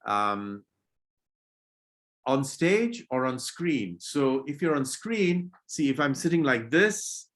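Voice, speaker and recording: A man leading an online public speaking workshop for children over a video call, acting out greetings to show different moods and gently scolding kids who disrupt. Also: mid-range voice, lively intonation, slow. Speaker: workshop presenter.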